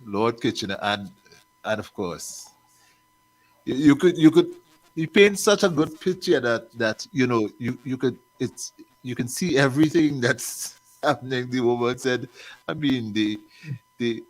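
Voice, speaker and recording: A man hosting a radio show in casual chat, animated and chuckling, his loudness rising and falling. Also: medium pitch, measured pace, rough recording. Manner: animated, chuckling, swings loud and soft. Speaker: radio host.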